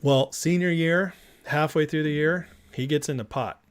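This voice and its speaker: A man hosting a casual political livestream, talking excitedly and emotionally and reading viewer comments aloud. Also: on the high side, moderate pace, clean tone. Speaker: livestream host.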